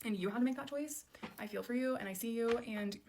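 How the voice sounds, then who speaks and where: Fast-talking woman in her late twenties. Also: fairly high pitch, noisy background. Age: late 20s. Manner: candid, conversational, many "um" and "like" fillers. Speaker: storyteller sharing her childhood. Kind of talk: casual personal storytelling.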